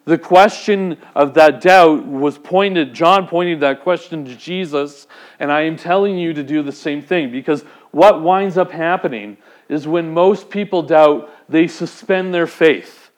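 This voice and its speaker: In a sermon, this pastor keeps a conversational tone and addresses the congregation with direct questions. His voice sits a little high, and he speaks at a measured pace.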